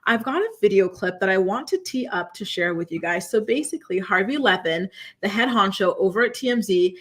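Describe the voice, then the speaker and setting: A celebrity gossip host recaps reality TV on her casual show, blunt, sassy and chatty as she talks straight to the viewers in her live chat. Her mid-range voice is animated and brisk.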